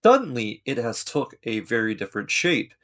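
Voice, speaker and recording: A man's voice: medium pitch, sing-song, normal speed, a bit bright. A man giving a casual, enthusiastic recap of an anime episode, retelling scenes in laid-back, slangy talk.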